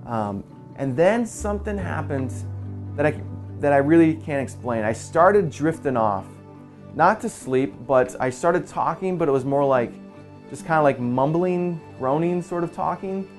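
A man in his forties, a pastor, telling an earnest personal story in a quiet, soft-spoken way. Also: fairly high pitch, animated, unhurried. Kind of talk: personal testimony in a church video. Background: soft guitar music.

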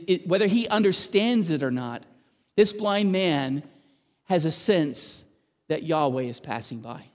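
A man preaching a sermon as a pastor, earnest and animated, lifting his voice when he reads out the quoted cries. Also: on the high side, long reverb tail.

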